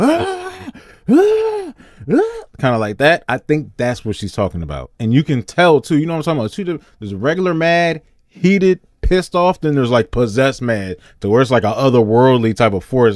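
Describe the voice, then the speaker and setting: Animated man reacting, dry close voice. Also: medium pitch, no room sound. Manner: animated, acts out voices when explaining. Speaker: reaction video host. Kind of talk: casual reaction commentary.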